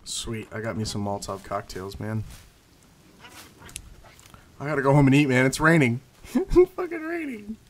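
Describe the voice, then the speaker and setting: A man hosting casual gameplay commentary, swearing freely and yelling at in-game scares. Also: medium pitch, moderate pace, long pauses, slight background noise. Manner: profane, shrieks and yells at in-game scares. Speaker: gaming channel host.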